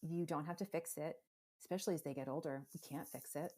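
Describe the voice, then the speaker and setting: A middle-aged woman from the United States, a psychotherapist speaking as a podcast guest, talking animatedly and acting out parents and kids in quick voices. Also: low voice, steady tone, dark tone, husky. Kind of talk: conversational interview.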